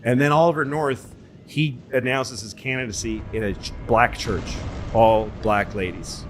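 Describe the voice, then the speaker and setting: A man co-hosting a podcast, telling long rambling stories in casual chat, swearing freely and jumping into quick impressions. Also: medium pitch, fairly even intonation, a little hiss or hum. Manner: rambling, profane, jumps into impressions. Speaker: podcast co-host.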